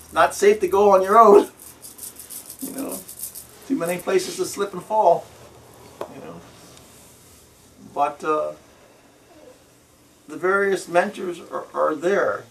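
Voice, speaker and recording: Gravelly-voiced man giving a spiritual talk. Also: high voice, steady tone, a little hiss or hum. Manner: tags phrases with "See?" and "You know"; slow, deliberate and repetitive. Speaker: spiritual teacher. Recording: voice from a distance to the mic.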